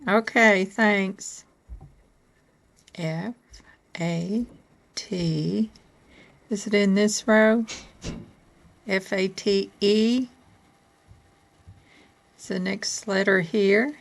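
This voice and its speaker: A woman from Kentucky reading letters off a board one at a time, patiently asking questions and laughing softly now and then. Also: mid-range voice, steady tone, extremely slow, creaky, pauses often.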